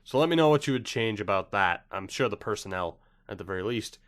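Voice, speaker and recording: A young man with a fairly low voice talks over the hockey game he is playing. His commentary is casual and chatty, full of wry asides and quick self-corrections. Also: animated, fairly bright tone. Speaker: gaming YouTuber.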